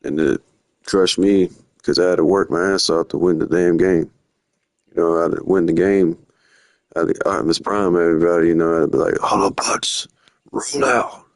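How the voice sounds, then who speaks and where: Young guy streaming, rambly and slangy, real low voice, dry close sound. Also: steady tone, fairly quick, a little mellow, no echo. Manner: rambling, slangy, drifting storytelling. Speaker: livestreamer. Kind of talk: rambling live-stream chat.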